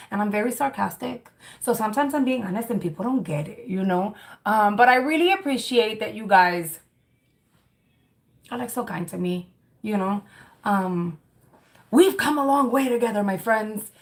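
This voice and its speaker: Reading out chat comments, this livestream host, a woman in her thirties, keeps things loose and casual. Her voice is a little high and expressive at a moderate pace, with frequent restarts and plenty of "um" and "like." The whole delivery feels frank and chatty.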